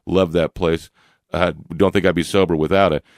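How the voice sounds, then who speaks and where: Deep-voiced older man telling a story. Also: moderate pace, dry recording, studio quality. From Louisville, Kentucky area. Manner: animated storyteller, laughs often, many fillers. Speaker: radio show co-host. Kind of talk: storytelling in casual chat.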